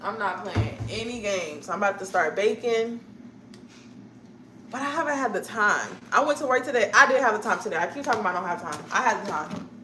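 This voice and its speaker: A woman's voice: medium pitch, animated, fast talker, noisy background. Chatty young woman rambling in an echoey room. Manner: rambling, chatty, laughs often. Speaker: streamer chatting with viewers. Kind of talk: casual chat to live viewers.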